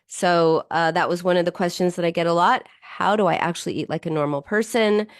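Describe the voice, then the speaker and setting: A woman's voice: lowish voice, a little fast, no room sound. Chatty woman radio host, dry studio sound. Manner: animated, chatty, with frequent fillers and restarts. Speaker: radio show host and psychologist. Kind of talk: advice talk radio, answering listener questions.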